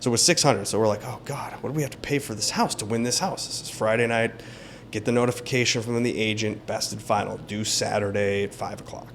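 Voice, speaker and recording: A realtor guest being interviewed tells a story in casual conversation, animatedly acting out the quoted lines. His voice is fairly low, fast and creaky, with slight background noise.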